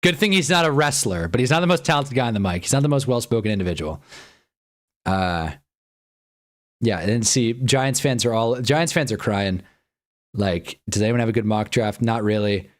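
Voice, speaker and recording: A man's voice: mid-range voice, expressive, moderate pace. A man hosting a livestream in casual chat, thinking aloud, muttering and swearing now and then. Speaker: livestream host. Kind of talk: casual live-stream chat.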